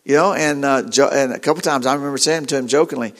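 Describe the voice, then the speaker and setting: Halting, earnest preacher man. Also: a little high, fairly even intonation. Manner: halting, repeats words, earnest storytelling. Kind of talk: sermon.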